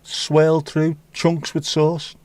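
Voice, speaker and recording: A man's voice: on the high side, monotone, extremely slow, darkish tone, clean tone. A man hosting a livestream, chatting casually and teasing as he reads out viewer comments with sweary banter. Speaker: livestream host.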